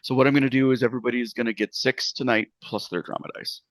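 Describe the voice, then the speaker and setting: A man's voice: mid-range voice, fast talker, dry recording, poor audio. A man running a tabletop game as game master, chatting casually and laughing, with frequent ums. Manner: relaxed, laughing, fillers like um.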